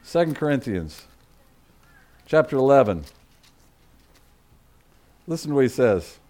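A man's voice: medium pitch, big pitch swings, measured pace. A man preaching a sermon, building emphatic repeated lists and dropping into muttered asides to the congregation. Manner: emphatic and repetitive, swinging between loud preaching and muttered asides. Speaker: pastor.

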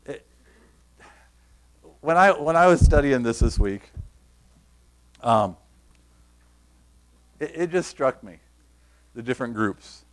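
A man preaching a sermon in a conversational, emphatic way, repeating key phrases and asking the congregation questions. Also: mid-range voice. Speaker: pastor.

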